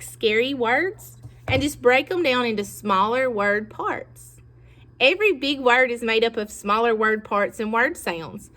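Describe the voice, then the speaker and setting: A woman teacher giving a phonics lesson to young children, slow and encouraging, pausing for them to repeat words. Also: on the high side, a bit bright. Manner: slow, encouraging, with pauses for pupils to echo.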